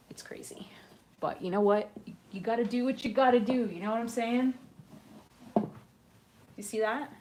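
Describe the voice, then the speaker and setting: A woman's voice: a little high, background noise. Chatty woman livestreaming from her apartment. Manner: chatty, reads out viewer comments, frequent ums. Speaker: livestream host. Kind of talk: casual livestream chat.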